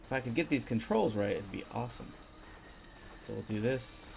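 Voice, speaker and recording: A man's voice: mid-range voice, lively intonation, normal speed, vocal fry, a little mellow, a little hiss or hum. A man casually talking through a video game as he plays, half-mumbling to himself. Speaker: gaming video host. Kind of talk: let's-play commentary. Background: faint game music.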